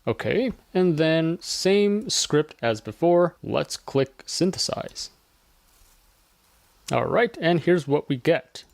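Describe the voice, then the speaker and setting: A man hosting a casual software tutorial, explaining each step as he clicks through it. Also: fairly high pitch, animated, takes it slowly, creaky, no room sound. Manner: chatty, explains steps as he clicks. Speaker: tutorial host.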